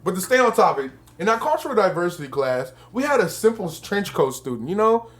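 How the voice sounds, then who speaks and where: A young man co-hosting a podcast in casual chat. His pitch swoops up and down constantly, and he talks in a profane, joking, animated way as he tells stories. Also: a little fast. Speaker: podcast co-host.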